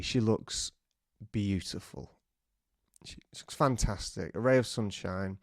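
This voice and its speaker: A man's voice: fairly low pitch, takes it slowly, long pauses, no room sound. A man co-hosting a podcast, spinning a funny anecdote. He throws himself into it, acting out other people's voices and humming little tunes. The sound is dry and close to the mic. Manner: animated, acts out voices and sounds. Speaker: podcast co-host. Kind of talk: comic storytelling.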